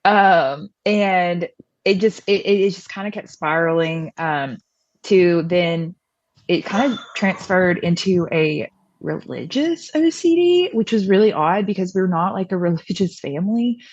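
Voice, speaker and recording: A woman's voice: on the low side, expressive, measured pace, darkish tone, no room sound, highs cut off. A young woman from the American South, chatty and self-deprecating, telling her personal story as a podcast guest and acting out past conversations.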